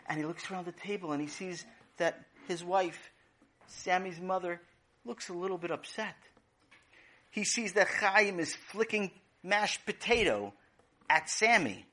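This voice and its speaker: Male storyteller for children, animated, slightly higher pitch. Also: moderate pace. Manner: animated, voices the characters.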